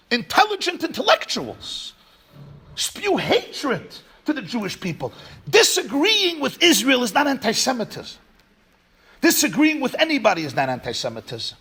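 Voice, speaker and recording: A man's voice: high voice, creaky, fairly bright tone, slightly rough. A man, a rabbi, giving an earnest, emphatic memorial sermon with rhetorical questions at a community hall.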